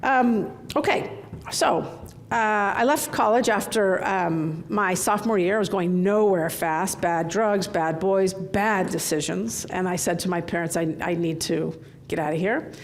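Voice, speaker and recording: A middle-aged woman giving a conference keynote from the stage, telling candid stories in an animated way. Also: lowish voice, measured pace, slight background noise. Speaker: keynote speaker. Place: large conference hall.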